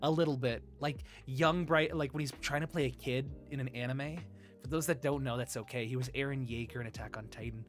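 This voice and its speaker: A man streaming live, chatting in a soft, breathy, put-on high "femboy" voice close to the mic, giggling and reading chat aloud. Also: steady tone, fairly quick, faint music behind.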